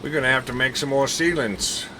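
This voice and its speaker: A man with a bright, forceful voice gives casual gameplay commentary on a live stream. He chats with viewers, counts and thinks out loud, and laughs often. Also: mid-range voice, fairly even intonation, a little fast, slight background noise.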